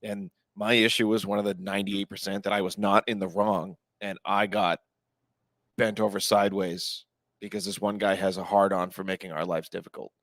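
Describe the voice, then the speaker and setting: A man co-hosting a podcast, chatting casually and relaxed about working in the bar trade. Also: sits low, moderate pace, no room sound. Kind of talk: casual chat.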